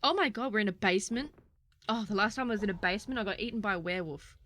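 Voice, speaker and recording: A woman's voice: medium pitch, racing, fairly bright tone. A young woman chatting through a game playthrough, easily spooked and joking, with game music behind her. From Australia. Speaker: gaming streamer. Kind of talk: let's play commentary.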